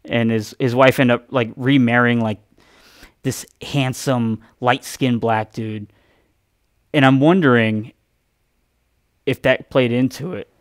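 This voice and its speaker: A male streamer rambles through a story, swearing and breaking off his own sentences as he goes. His voice sits at a middle pitch. The sound is dry, with no room echo. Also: fairly even intonation, slow pace, pauses often. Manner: rambling, profane, self-interrupting. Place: home streaming setup.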